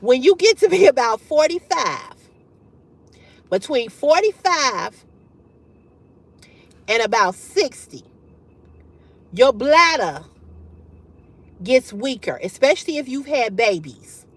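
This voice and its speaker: A middle-aged woman hosting a livestream, telling a story to her chat in a candid, profane, animated way and laughing often. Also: high voice, slow, long pauses, breathy edge. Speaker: livestream host. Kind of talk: casual storytelling to live chat.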